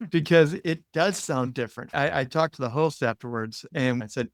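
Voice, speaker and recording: A man with a flat Indiana American accent, speaking a little high for a man, chatting as an interview guest. He is expressive and animated and laughs easily. The recording is close and dry, with no room sound. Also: normal speed, no echo. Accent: American Midwestern, Indiana. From United States. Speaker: guest, media coach and broadcaster. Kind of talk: casual interview talk.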